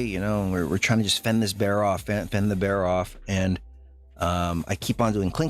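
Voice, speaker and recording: A man streaming live, telling a story to his chat in a rambling, halting way, full of fillers and restarts. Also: lowish voice, little pitch movement, faint music behind.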